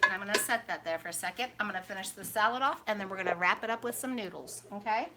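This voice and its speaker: A woman's voice: mid-range voice, racing. A woman hosting a casual home cooking vlog, chatting bubbly to her viewers as she cooks. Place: home kitchen. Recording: noisy kitchen with sizzling pan. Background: frying and sizzling food.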